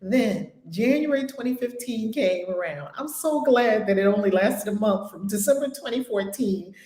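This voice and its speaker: A woman's voice: mid-range voice, expressive, normal speed, dark tone, roomy sound. A woman hosting a spiritual group call, talking in an exuberant, preacherly way with frequent laughter and repeated phrases. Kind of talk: casual inspirational talk.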